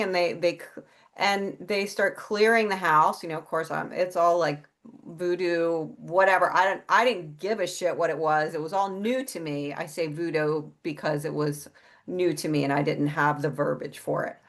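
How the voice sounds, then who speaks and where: Candid, swearing woman, lowish voice. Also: moderate pace. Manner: candid, swears freely, lively retelling. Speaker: interview guest, psychic and healer. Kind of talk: casual personal storytelling.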